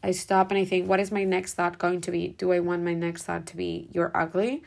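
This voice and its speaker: Young woman podcast host, low gravelly voice, flat delivery, loose and rambling. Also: a little fast. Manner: rambling, heavy use of "like" and "whatever". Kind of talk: casual reflective monologue.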